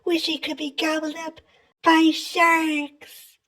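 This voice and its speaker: A man's voice: monotone, slow pace, bright, forceful tone, heavily acted. A man voicing a blunt, bossy young schoolgirl in a children's storybook read-aloud. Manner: blunt, insistent, high and squeaky.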